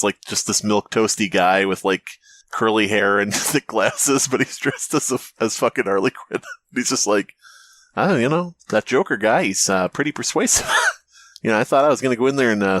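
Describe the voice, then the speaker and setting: A man's voice: fairly low pitch, fairly bright tone, no echo. A man co-hosting a comedy podcast, reading a story aloud and breaking off to joke and laugh. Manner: joking, laughs often, slips into mocking voices.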